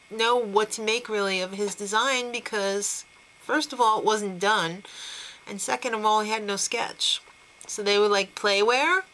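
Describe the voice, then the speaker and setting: A woman's voice: medium pitch, fairly bright tone, low-quality recording. A woman hosting a casual TV recap show, chatty and opinionated, laughing between remarks.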